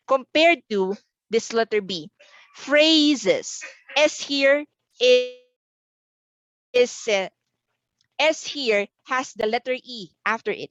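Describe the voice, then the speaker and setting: Slow, deliberate woman teacher, dry close mic. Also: mid-range voice, fairly bright tone, dry recording, poor audio. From Philippines. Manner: deliberate, repeats words slowly for pronunciation drills. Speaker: exam reviewer. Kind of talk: recorded online lesson.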